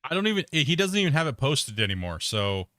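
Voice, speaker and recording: A man's voice: mid-range voice, sing-song, quick pace, fairly bright tone, dry recording, studio quality. Rambling laid-back male streamer. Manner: rambling, laid-back, full of "bro" and "you know what I mean"; laughs often at himself. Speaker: livestreaming gamer host. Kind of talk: casual live-stream chat.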